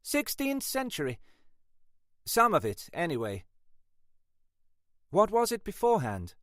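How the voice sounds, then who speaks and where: A woman's voice: mid-range voice, huge pitch swings, a little slow, no echo, studio quality, pitched above the performer's own voice. A male narrator voicing a chatty, genteel British country wife who gushes over her guests and fusses over them. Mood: gushing. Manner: gushing, hospitable, fussing.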